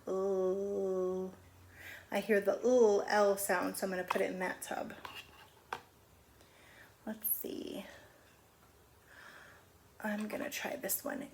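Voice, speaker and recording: Woman teacher sounding out letters slowly. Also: medium pitch, gravelly. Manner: slow, drawn-out sounding of letters. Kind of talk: phonics lesson on video. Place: home. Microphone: camera on video.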